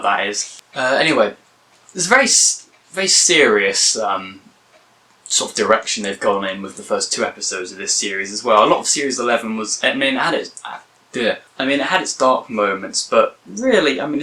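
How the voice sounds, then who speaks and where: Rambling man, bright tone. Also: lowish voice, far from the mic, low-quality recording. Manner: rambling, self-correcting, chatty. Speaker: video reviewer. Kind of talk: casual spoken review.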